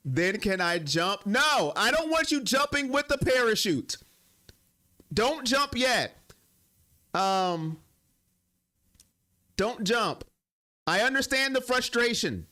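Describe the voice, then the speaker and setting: A young man runs a sports live stream, talking straight to his chat in a casual, emotional way. His voice sits very high for a man and swings up and down a lot. It comes across bright and forceful.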